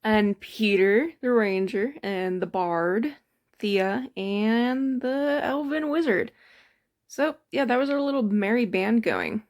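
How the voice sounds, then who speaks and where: A woman's voice: a little high, lively intonation, takes it slowly, a little mellow. A woman casually recounting a tabletop game session in a rambling, giggly way. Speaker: storyteller.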